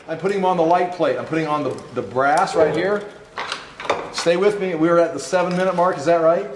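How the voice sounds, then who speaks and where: A man's voice: a little high, brisk. A man teaching a hands-on wiring class, explaining each step and checking that his students are following. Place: classroom workshop. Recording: echoey classroom, faint noise.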